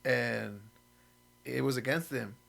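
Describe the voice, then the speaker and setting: A man co-hosting a comedy podcast in casual chat, slangy and swearing, quick with short reactions. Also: mid-range voice, fairly even intonation, vocal fry, a bit bright. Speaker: podcast co-host.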